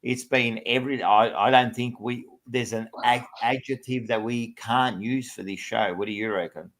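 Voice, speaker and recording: A man hosting a sports podcast panel, teasing his co-hosts in lively banter. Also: moderate pace. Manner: teasing, excitable, rising pitch when ribbing others.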